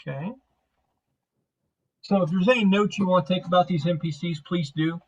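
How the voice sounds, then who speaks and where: A man's voice: sits high, normal speed, lo-fi sound. A man narrating as game master of a tabletop game, casual and profane, rambling through scenes.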